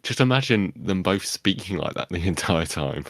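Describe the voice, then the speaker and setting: A man's voice: low-pitched, lively intonation, normal speed, creaky, no room sound, studio quality. A young man co-hosting a podcast, chatting casually with a wry, teasing tone. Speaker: podcast co-host. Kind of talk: casual chat.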